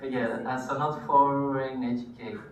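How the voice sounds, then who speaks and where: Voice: mid-range voice, fairly even intonation, unhurried, darkish tone, recorded from a distance. A teacher running a class, friendly, thanking students and laughing often. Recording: echoey classroom from afar, faint noise.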